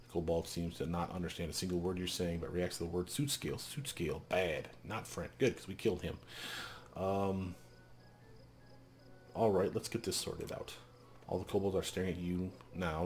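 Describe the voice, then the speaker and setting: A man casually commenting on a fantasy game and reading its text aloud, thinking out loud. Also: sits low, a little hiss or hum. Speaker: let's play host.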